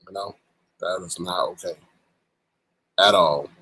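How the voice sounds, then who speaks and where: A man's voice: low-pitched, measured pace, bright, forceful tone, husky, no room sound. A man hosting a casual commentary show who narrates over clips and drives each point home by repeating it. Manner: emphatic, repeats his points. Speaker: commentary host.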